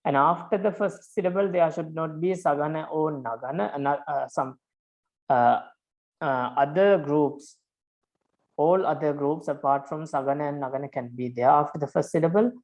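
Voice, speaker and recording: Patient monk teaching with many pauses. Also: male voice, on the high side, darkish tone, rough recording. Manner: patient, repeats each point, frequent hesitations. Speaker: Buddhist monk teaching Pali. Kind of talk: online lecture on verse meter.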